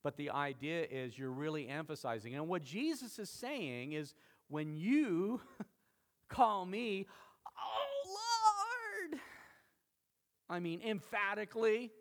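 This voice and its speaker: A man's voice: sits high, animated, normal speed. A middle-aged male pastor preaching a sermon, emphatic, with dramatic quoted lines.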